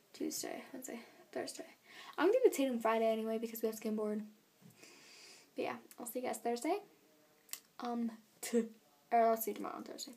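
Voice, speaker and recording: A teenage girl vlogging at home into her camera's built-in mic, chatty and full of fillers, drawing her phrases out slowly. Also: a little high, vocal fry, a little mellow. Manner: chatty, filler-heavy, drawn-out slow phrasing. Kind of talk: casual vlog, teaching basic Spanish phrases. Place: home, indoors.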